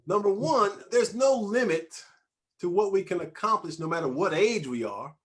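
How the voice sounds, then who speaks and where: A man hosts an interview in a lively, emphatic way, often restarting his phrases. His voice sits a little high for a man, and his pitch swings widely as he makes his points. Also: moderate pace. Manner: emphatic and animated, with repeated restarts. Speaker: talk show host. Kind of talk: conversational interview.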